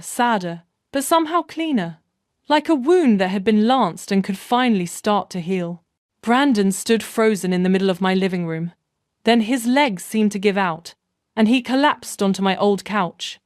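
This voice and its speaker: A woman narrating a first-person story in a gentle, measured manner. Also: mid-range voice, dry recording, studio quality.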